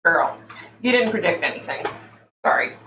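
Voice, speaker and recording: A woman's voice: lowish voice, a little slow, fairly bright tone. Chatty exasperated woman in echoey room. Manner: chatty, exasperated, calls listeners y'all. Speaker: psychic livestream host. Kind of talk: casual livestream chat. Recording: echoey room, faint background noise.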